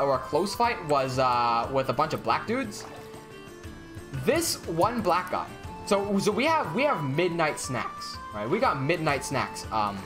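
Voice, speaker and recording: A young man telling a long personal story while streaming a game, swearing often and acting out the quotes. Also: a little high.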